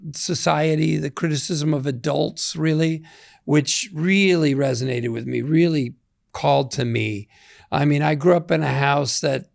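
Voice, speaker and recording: A man's voice: fairly high pitch, gravelly, dry recording, studio quality. A man in his sixties, an interview guest, talking in a reflective, rambling, self-deprecating way. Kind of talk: casual interview talk.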